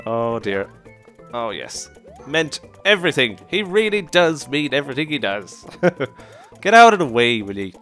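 A man giving casual commentary over his own gameplay, excitable, often exclaiming and laughing at his mishaps. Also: mid-range voice, a little slow, soft background music. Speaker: let's play commentator.

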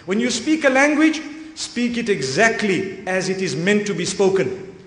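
A man's voice: sits high, animated, moderate pace, a bit bright. A man preaching an earnest, emphatic sermon to a congregation, often using Arabic phrases. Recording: echoey hall, long reverb.

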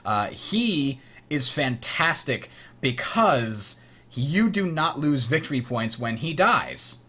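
A young man hosting a board game tutorial, explaining rules as he plays, enthusiastic and quick to laugh. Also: medium pitch, big pitch swings, pushed and bright, breathy edge.

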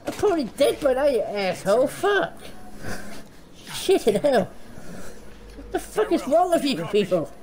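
Woman let's play host, high voice, crude, excitable, constant cursing. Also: measured pace, pauses often, a little hiss or hum, rough recording. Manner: foul-mouthed, yelling insults at the game; excitable, frequent panicked outbursts. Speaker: gaming channel host.

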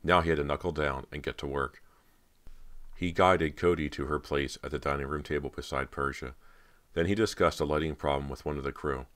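A man narrating a horror audiobook in a steady, measured storytelling style. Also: rumbling low.

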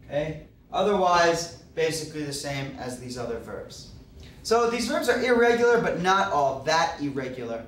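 A man teaching a grammar lesson in a patient, explanatory way, often pausing on "uh" and "okay". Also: a little high, expressive, a bit bright. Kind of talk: classroom grammar lecture. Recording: roomy, distant mic, faint background hiss.

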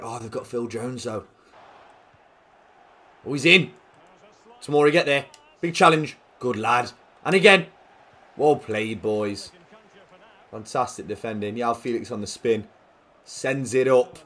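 A young man giving jokey live commentary on a football video game, dropping to quiet play-by-play and then bursting out loudly. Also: mid-range voice, unhurried, long pauses. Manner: jokey, swings between quiet play-by-play and loud excited outbursts. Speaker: gaming commentator.

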